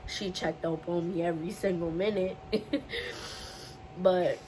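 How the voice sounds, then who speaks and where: A woman's voice: on the low side, steady tone, a little slow, mellow, rough recording. Young woman vlogger, emotional personal storytelling, faint background noise. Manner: emotional, repetitive retelling. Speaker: beauty vlogger telling her story.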